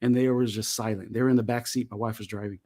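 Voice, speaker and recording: A middle-aged man telling a long, profane family story in a casual chat, animated and laughing. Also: on the low side, fast talker. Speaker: co-host.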